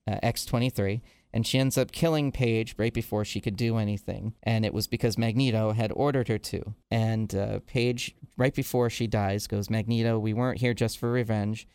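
A man's voice: on the low side, steady tone, moderate pace, few pauses, a little mellow, clear, resonant tone, no room sound. A man casually retelling a comic book storyline with loose fillers, quoting the characters in his own voice. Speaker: podcast host.

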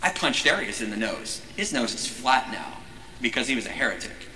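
An old Santa Claus, kindly and encouraging, with a sharp, tense edge to his voice, as a man puts him on in an echoing hall. The voice rings out in a large, reverberant space. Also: medium pitch, big pitch swings, normal speed, a little hiss or hum. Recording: echoey hall with long reverb.

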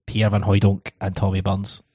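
A man's voice: sits low, monotone, moderate pace, mellow, husky, dry recording. Chatty laughing man hosting a podcast. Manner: chatty, laughs often, leads the segments. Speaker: podcast host. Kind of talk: casual panel chat.

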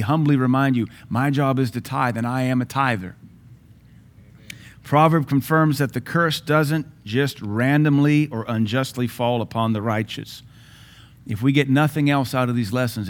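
A middle-aged man preaching a sermon as a pastor, emphatic, with a repetitive preaching cadence. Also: mid-range voice.

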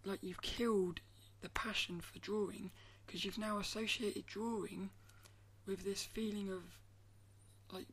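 A woman hosting a solo podcast, talking in a thoughtful, musing way and often trailing off into soft, near-whispered asides. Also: mid-range voice, steady tone, a little slow, slightly rough. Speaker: podcast host. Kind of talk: reflective solo podcast talk.

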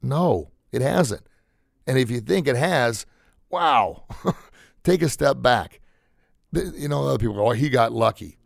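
Gravelly man giving a motivational talk. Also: mid-range voice, expressive, takes it slowly, long pauses, no room sound, studio quality. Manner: emphatic, repetitive, conversational. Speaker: podcast host, motivational speaker.

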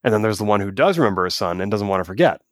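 Low-voiced man chatting on a podcast. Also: rapid-fire, no echo. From United States. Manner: chatty, animated storytelling with quoted asides. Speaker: podcast co-host. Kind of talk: casual review chat.

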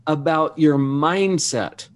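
A man's voice: a little high, takes it slowly. A man hosting a conversational interview, reflecting back and drawing out his guest's ideas. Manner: affirming, reflective, draws out the guest. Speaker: interview host.

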